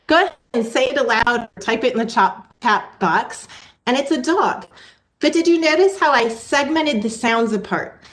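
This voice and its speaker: Woman, reading presenter, slightly high voice, sounds out letters, online meeting. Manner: clear, teacherly, sounds out letters slowly. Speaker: literacy presenter.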